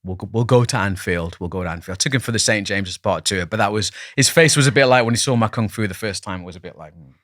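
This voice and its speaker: A man's voice: on the low side, fast, hardly any pauses, fairly bright tone, no echo, clean studio sound. A man, a podcast guest telling stories in a chatty, self-deprecating way with many restarts. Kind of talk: casual interview storytelling.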